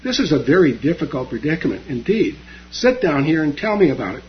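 A man's voice: on the high side, big pitch swings, brisk. A man voicing a small, cheerful old Japanese man who speaks lightly and kindly, in a muffled recording. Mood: caring.

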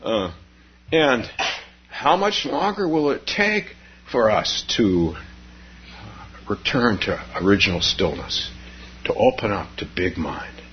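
A man's voice: fairly low pitch, lively intonation, slow, pauses often, slight background noise. A man teaching meditation on retreat, telling stories in a rambling way with frequent chuckles. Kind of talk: dharma talk on retreat. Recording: dull lo-fi recording.

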